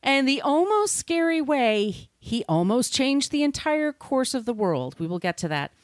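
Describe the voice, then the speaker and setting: A woman's voice: high voice, sing-song, a little slow, no room sound. Brief: irreverent woman podcast host, casual chat, cursing, dry recording. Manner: chatty, irreverent, swears casually.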